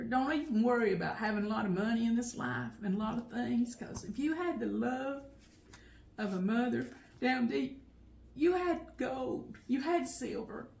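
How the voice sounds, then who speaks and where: Speaking at home with a fairly high voice touched by vocal fry, an older woman vlogger shares personal memories. The audio is reverberant with slight background noise, and her emotional, heartfelt stories often dissolve into laughter.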